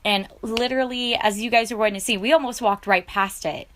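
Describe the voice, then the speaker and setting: A woman's voice: a little high, a little fast, fairly bright tone, a little hiss or hum. A young woman vlogger narrating her travel footage in a chatty, gushing way, full of fillers. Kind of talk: casual vlog voice-over.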